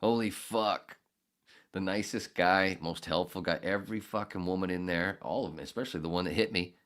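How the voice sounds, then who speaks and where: A man hosting a podcast who rants angrily and sarcastically, swearing heavily and swinging from mutters to shouts. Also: deep voice, normal speed. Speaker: podcast host. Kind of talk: ranting monologue.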